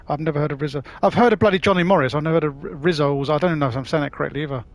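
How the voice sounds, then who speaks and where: Here a Londoner with a Cockney accent talks casually to viewers during a game livestream, friendly and matey, with plenty of swearing. His slightly high voice moves very fast, and the recording has no echo.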